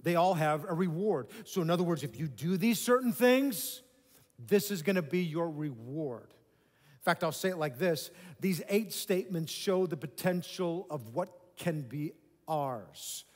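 A man's voice: a little high, animated, a little mellow. Emphatic male pastor in a reverberant hall. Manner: emphatic, conversational preaching with dramatic pauses. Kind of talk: sermon. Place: church sanctuary.

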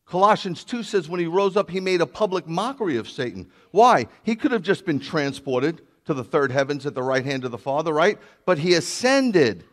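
A man preaching as a rabbi, emphatic and building to loud declarations. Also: on the high side, expressive, normal speed, few pauses. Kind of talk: sermon.

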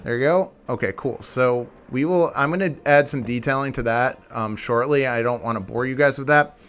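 In a mid-range, fairly bright voice at normal speed, with a little hiss or hum on the recording, a man narrates a building tutorial. This video game tutorial creator is chatty, refers to viewers as "guys," and works through his own corrections aloud.

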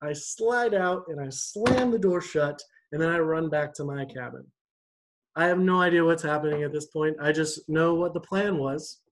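A young man giving a church devotion, telling a personal story in an animated, conversational way. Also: on the high side, moderate pace, poor audio.

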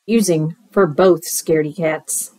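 A woman teacher reading a picture book aloud to children, expressive and playful, with squeals and sound effects. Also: deep voice, unhurried, dry recording.

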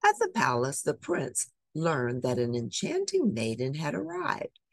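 Low, lively woman reading a storybook. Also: measured pace, creaky, dry recording. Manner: expressive, animated storytelling. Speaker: storybook reader. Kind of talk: reading a picture book aloud.

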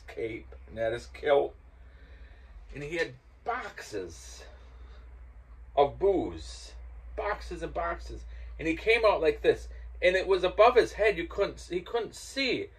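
An older man hosting and casually telling a story, growing loud and laughing as it builds. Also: mid-range voice. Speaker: host.

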